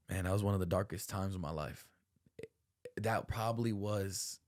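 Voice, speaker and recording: A man's voice: on the low side, darkish tone. A young man hosting a podcast, telling a personal story earnestly, full of slang like bro and man. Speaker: podcast host.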